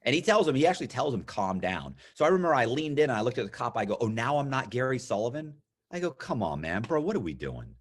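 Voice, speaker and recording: A man's voice: mid-range voice, quick pace. A man in his fifties, a guest telling a long story in casual conversation and acting out the other people's lines. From United States. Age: 50s. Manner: animated storyteller, acts out quoted voices. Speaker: interview guest.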